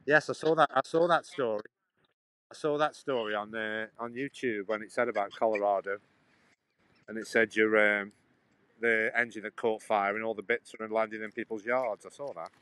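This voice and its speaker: A man's voice: fairly low pitch, fairly even intonation, normal speed, sharp tone, no echo, poor audio. A man rambling on a live stream outdoors, chatting back to his viewers. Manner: chatty, meandering, answers chat questions. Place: outdoors in a sunny town.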